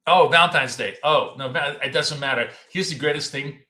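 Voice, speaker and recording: A man's voice: on the high side, moderate pace, pushed and bright. Blunt, joking man in an echoey room. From Russia. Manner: blunt, joking, swears freely. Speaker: trading show co-host. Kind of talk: casual live trading chat.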